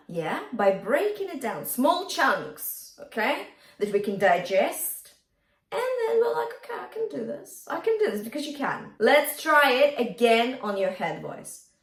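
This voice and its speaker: A woman vocal coach talks students through a pop song, her voice lively and swooping as she slips into high sung demonstrations. She coaches in an encouraging, instructive way, and the room around her adds a noticeable echo. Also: recorded from a distance. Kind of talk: singing lesson with sung demonstrations.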